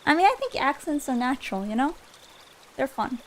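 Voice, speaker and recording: Young woman streamer, slightly high-pitched and giggly, casual late-night chat at a home desk mic. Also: big pitch swings, brisk, a little hiss or hum. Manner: giggly, laughs often between lines. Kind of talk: casual game livestream chat.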